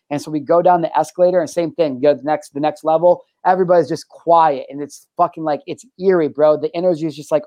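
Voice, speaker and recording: A man's voice: fairly high pitch, fast, hardly any pauses, no room sound. A young adult man telling a personal story in casual chat, with lots of swearing and "bro". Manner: profane, animated, says "bro". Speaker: guest.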